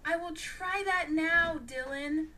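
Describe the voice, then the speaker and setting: A woman's voice: extremely high pitch, slow, bright, forceful tone, distant mic, slight background noise, pitched above the performer's own voice, full character voice. A woman voicing an impatient young man fixing a spaceship. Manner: frustrated, pushy.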